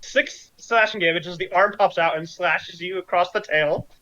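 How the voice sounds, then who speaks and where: A man running a tabletop game as game master, calling out rolls and damage in a relaxed, chatty way with frequent fillers, on dull lo-fi audio. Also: high voice, normal speed.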